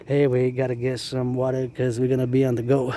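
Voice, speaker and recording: A man's voice: mid-range voice, completely flat delivery, fairly quick, mellow. A man leading a chanted marching cadence in rhythmic, sing-song loose rhymes, breaking off now and then into loose asides.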